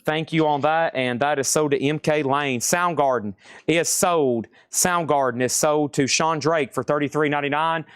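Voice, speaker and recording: An excitable man with a drawl calls out prices and bids for records on a live stream, slightly high-pitched for a man. He jokes and exclaims as he goes, and the sound is close and dry with no room around it. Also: normal speed, clear, resonant tone, no echo. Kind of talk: live auction patter.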